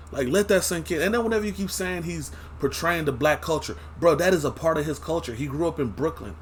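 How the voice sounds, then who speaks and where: A man giving casual reaction commentary, slangy and animated, laughing often. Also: fairly high pitch, fairly quick, slight background noise. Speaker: reaction streamer.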